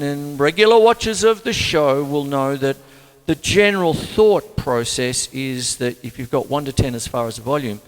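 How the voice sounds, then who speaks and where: A man from Australia giving a chatty, rambling drum lesson, counting beats aloud as he plays a kit. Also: on the high side. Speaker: drum teacher. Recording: long hall reverb, drums playing loudly.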